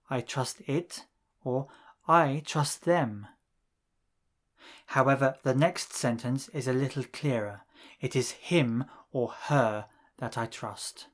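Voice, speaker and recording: A man narrating a scripted language lesson, reading drill phrases in a measured way with pauses between them. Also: mid-range voice, a bit bright. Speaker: language teacher.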